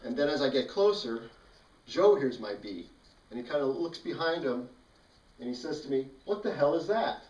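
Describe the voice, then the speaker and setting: A man's voice: mid-range voice, expressive, normal speed, pauses often, a little mellow, highs cut off. Wry man telling a story in a roomy space. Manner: dry, wry, matter-of-fact. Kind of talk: casual spoken storytelling. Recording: roomy, mic at a distance.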